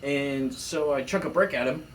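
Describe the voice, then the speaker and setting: Man, 30s, podcast co-host, lively storyteller who plays every quote, mid pitch, set back from the mic with a faint hiss. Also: normal speed. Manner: animated storyteller, acts out quotes with jumps in pitch. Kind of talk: casual storytelling chat. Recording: distant mic with faint room noise.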